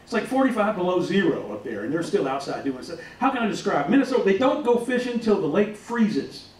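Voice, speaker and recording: A man's voice: high voice, very animated, a little fast, a little mellow, recorded from a distance. A man doing a stand-up comedy set, telling folksy stories and acting out voices. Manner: folksy storytelling, acts out voices. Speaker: stand-up comic. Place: comedy club stage. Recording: roomy club, off-mic, faint noise.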